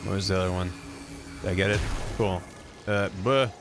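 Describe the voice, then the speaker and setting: A man's voice: low-pitched, steady tone, moderate pace. A man streaming a video game, chatting to his viewers in a goofy, swearing, groaning way. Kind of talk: casual live-stream gameplay commentary. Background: video game music.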